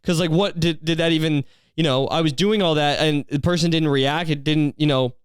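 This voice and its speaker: A man's voice: a little high, moderate pace, smooth, no echo. A man hosting a solo podcast, rambling through a story in a profane, incredulous way on a close mic. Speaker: podcast host.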